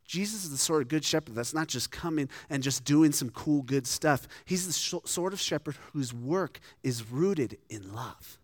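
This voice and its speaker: A man's voice: fairly high pitch, lively intonation, normal speed, few pauses, no room sound. Earnest man preaching, dry sound. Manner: earnest, conversational preaching with many restarts. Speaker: pastor. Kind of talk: sermon.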